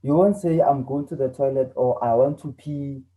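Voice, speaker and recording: A man's voice: mid-range voice, moderate pace, narrow, tinny audio. A young man teaching an online English lesson to teenagers, earnest and repeating himself as he explains. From South Africa.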